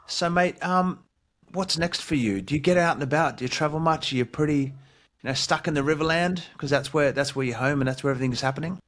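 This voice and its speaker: A man's voice: a little high, fast, a bit bright. A man with an Australian accent hosting a podcast interview, effusive and full of praise, calling his guest mate. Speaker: podcast host. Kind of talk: casual interview chat.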